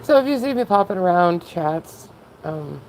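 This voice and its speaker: A woman's voice: lowish voice, lively intonation, normal speed, darkish tone, slight background noise, rough recording. A woman talking candidly in a casual, rambling personal monologue, often breaking into laughs. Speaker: vlogger.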